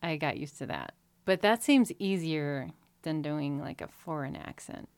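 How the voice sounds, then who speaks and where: A low-voiced woman gives blunt, quick opinions on a film in a laid-back podcast chat. She is recorded close and dry, with no room sound. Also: animated, clean tone, no echo. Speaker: podcast co-host. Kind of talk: casual movie review chat.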